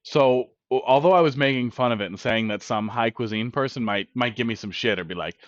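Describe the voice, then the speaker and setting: A man's voice: medium pitch, a little fast, hardly any pauses, no echo. A man hosting a casual cooking live stream, chatting bluntly and profanely while he eats, heard on dull lo-fi stream audio.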